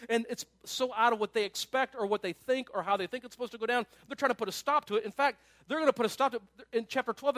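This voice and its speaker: A man pastor preaching a sermon in an animated, conversational way, with asides to his listeners. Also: high-pitched, no echo.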